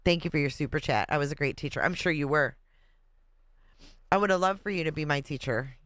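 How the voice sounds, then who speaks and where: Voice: mid-range voice, fairly quick, a bit bright, no echo. A livestream host chatting casually and reading viewer comments aloud, laughing often.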